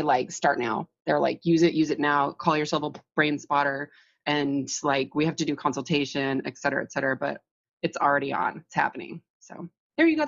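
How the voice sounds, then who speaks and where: A woman therapist co-hosting a casual chat, rambling with many fillers. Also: low voice. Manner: rambling, filler-heavy, laughs often. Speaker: therapist, podcast co-host. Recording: dull, muffled sound.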